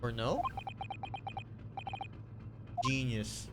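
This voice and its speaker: Soft-spoken streamer with wry asides. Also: male voice, medium pitch, expressive, drawn-out words, noisy background. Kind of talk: reading a game aloud live.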